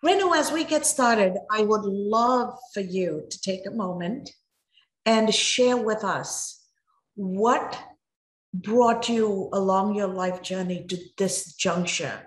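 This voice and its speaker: A woman's voice: mid-range voice, slow. Brief: woman host, effusive intro, roomy reverb. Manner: enthusiastic, effusive. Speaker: podcast host. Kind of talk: interview introduction.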